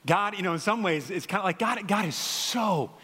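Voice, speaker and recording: A man in his thirties preaching a sermon in a conversational, animated storytelling way, with frequent fillers. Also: high-pitched, moderate pace, husky, long reverb tail. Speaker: pastor.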